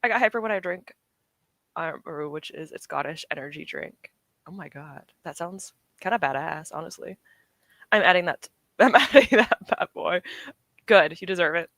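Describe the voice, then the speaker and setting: A woman's voice: on the low side, normal speed, creaky, fairly bright tone, dry recording. A young woman from the UK chatting casually with her stream chat, rambling, laughing often and correcting herself. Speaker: streamer reading chat comments.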